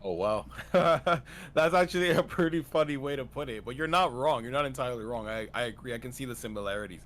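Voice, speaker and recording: A man's voice: medium pitch, fast talker, fairly bright tone. A man chatting casually as a guest on a stream, rambling with lots of restarts and fillers. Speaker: guest on a streamed anime discussion. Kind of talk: casual chat.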